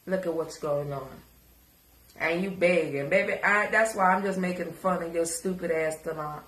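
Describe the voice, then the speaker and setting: A woman's voice: fairly low pitch, normal speed, fairly bright tone, roomy sound. A woman giving crude, taunting reaction commentary and repeating words to mock someone. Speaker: commentary vlogger.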